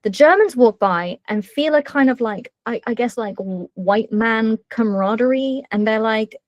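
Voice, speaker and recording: A woman author in a casual interview, telling stories in a lively way with quick asides and many fillers. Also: fairly high pitch, dry recording, lo-fi sound.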